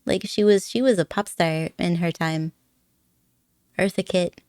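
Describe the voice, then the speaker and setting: A woman's voice: fairly low pitch, fairly even intonation, measured pace, darkish tone, no room sound, clean studio sound. Giggly young woman chatting on stream. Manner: giggly, chatty, rambling, puts on silly accents. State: nervous. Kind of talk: casual chat with viewers. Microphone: desk microphone.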